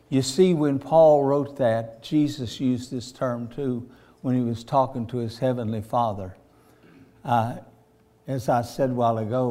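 A man's voice: medium pitch, darkish tone. A man preaching a sermon, telling stories in a folksy way and rising to fervent emphasis. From Virginia, USA.

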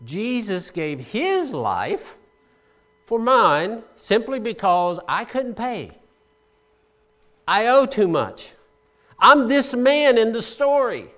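Male pastor, sermon delivery, high, very expressive voice, conversational teaching style. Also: slow, pauses often. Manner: dynamic preaching, swinging from loud emphasis to hushed asides; explains scripture conversationally, asking the congregation questions.

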